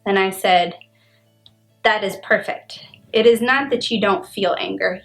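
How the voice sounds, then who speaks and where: A woman in her thirties talking earnestly to camera about anger, retelling a story with animated emphasis. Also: mid-range voice, measured pace, gravelly, faint music behind. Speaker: vlogger. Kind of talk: casual reflective monologue.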